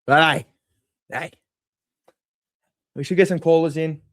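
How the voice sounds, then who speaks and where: An Australian man hosts a live post-game fan stream for his channel, reading chat and bringing in callers with blunt, profane, sarcastic banter. His fairly high voice is a bit bright, with a steady tone and a measured pace.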